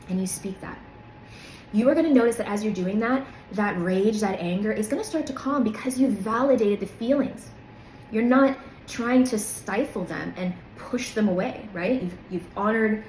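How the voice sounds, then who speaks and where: A woman's voice: mid-range voice, expressive, a little fast, a little mellow, a little hiss or hum. Earnest woman coaching in an echoey room. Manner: earnest, coaching, repeats phrases for emphasis. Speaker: self-help video host. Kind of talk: motivational self-help talk to camera.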